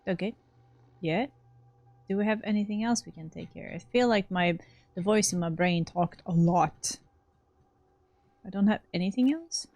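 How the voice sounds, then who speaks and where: A woman with an average-pitched voice streams a video game. She chats casually and thinks aloud, reading her dialogue choices out as she plays. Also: normal speed, long pauses, darkish tone, dry recording. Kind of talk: casual let's-play commentary.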